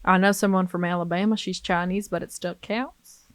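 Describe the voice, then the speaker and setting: A young woman guesting on a podcast in casual chat, animated and swearing a lot. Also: on the low side, normal speed, dry recording. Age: young adult.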